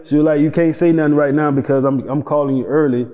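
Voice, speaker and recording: A man, a guest in a casual interview, telling a story in an animated way, acting out the dialogue and swearing freely. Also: fairly high pitch, fast talker. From Tampa, Florida. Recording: roomy reverb, dull lo-fi sound.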